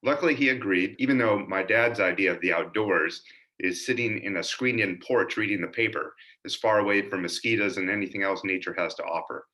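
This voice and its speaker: A man tells stories from his childhood about his father, earnest and animated as he recalls each mishap. His voice sits a little low but has a bright, forceful edge. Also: fairly quick. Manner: earnest, animated storytelling with lively quoted voices. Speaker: son telling family stories. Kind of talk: personal storytelling narration.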